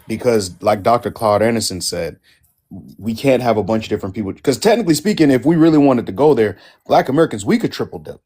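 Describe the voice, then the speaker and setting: A man in a heated online debate, explaining his argument in a measured way and pointing to research. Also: mid-range voice, animated, darkish tone, slightly rough. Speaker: debate participant.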